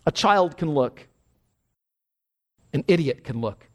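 A man's voice: fairly high pitch, animated, takes it slowly. A male pastor preaching a sermon with fervor, repeating his phrases and building to emphatic cries.

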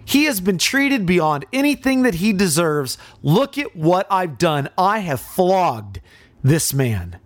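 A man's voice: high-pitched, sing-song, slow, no room sound, exaggerated voice. A male preacher acting out a Roman governor as he pleads with a crowd to show pity, his voice rising on each question. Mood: pleading. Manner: pleading, insistent.

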